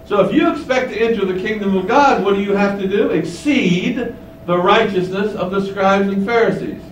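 A man preaching a sermon with emphasis, asking his listeners questions and repeating key lines. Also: moderate pace. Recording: echoey room, mic at a distance, faint rumble.

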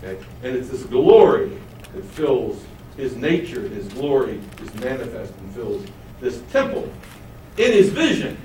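A man teaches a Bible study lesson, his voice sitting a little high for a man. He keeps asking his listeners questions and then answers them himself. He is recorded from some distance in an echoey room, with faint room noise behind. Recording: roomy, mic at a distance.

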